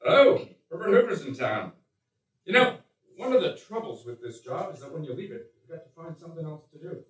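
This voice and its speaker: A man's voice: on the high side, big pitch swings, a little fast. An older man with a Missouri accent, playing a blunt, folksy American president in a one-man stage show. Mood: chatty. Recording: echoey stage from far off.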